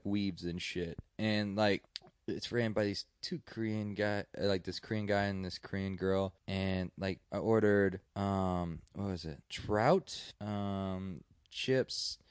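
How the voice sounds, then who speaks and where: A man's voice: sits low, fairly even intonation, slow pace, smooth, no room sound. Profane rambling storyteller guy, dry mic. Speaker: stand-up comedian guest. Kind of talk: casual podcast chat, storytelling.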